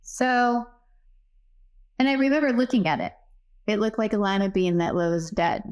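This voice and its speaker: Middle-aged woman, podcast guest, earnest storyteller who acts out dialogue, average pitch. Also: moderate pace, darkish tone, smooth. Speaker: podcast guest, psychic medium. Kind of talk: personal storytelling in a casual interview.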